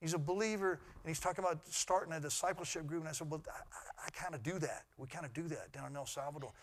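A middle-aged man, a pastor, preaching a sermon in an earnest way that swings from loud to hushed. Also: a little high, quick pace, slight background noise.

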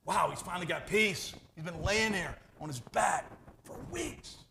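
A man preaching a sermon as pastor, animated and conversational, jumping from loud bursts to hushed asides. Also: high-pitched, unhurried, creaky, noisy background.

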